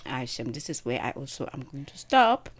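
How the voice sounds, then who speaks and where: A woman's voice: very deep voice, sing-song, moderate pace, breathy edge. A South African woman hosting a radio show, chatting casually with a guest, laughing often and talking while she eats.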